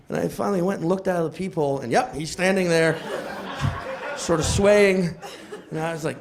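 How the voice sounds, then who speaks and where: A young man telling a stand-up comedy story, animated and acting out characters with shouted outbursts, recorded live with a laughing audience. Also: a little high, a little fast, gravelly, pauses often, noisy background. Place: comedy club stage. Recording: live club with crowd laughter.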